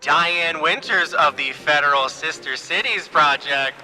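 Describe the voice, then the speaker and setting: A man's voice: a little slow, sharp tone, soft background music, poor audio. A man voicing a bubbly, gushing older woman who hosts a town welcome in a tabletop game. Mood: announcing. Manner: gushing, high and sweet. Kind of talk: tabletop role-play voice.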